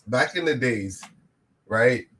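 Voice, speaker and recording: A man's voice: mid-range voice, expressive, takes it slowly, a bit bright. A man hosting a podcast, rambling and repeating himself in casual chat. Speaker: podcast host.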